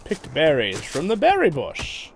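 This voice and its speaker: A man's voice: a little high, wildly swooping pitch, unhurried, slight background noise. A man hosting a livestream, chatting casually and rambling as he plays, laughing often. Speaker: livestream host and guide. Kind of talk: casual gameplay commentary.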